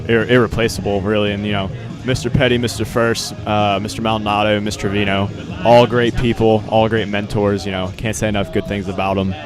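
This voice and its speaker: Low-voiced teen student broadcaster, man. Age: teens. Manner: rambling, filler-heavy, joking. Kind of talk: casual live commentary chat. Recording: music playing behind.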